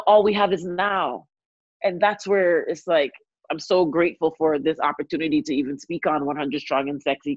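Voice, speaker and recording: Heartfelt, expressive middle-aged woman. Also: fairly low pitch, no room sound, muffled recording. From Canada. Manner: heartfelt, expressive, swings between soft and loud. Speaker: podcast guest, singer. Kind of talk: emotional podcast conversation.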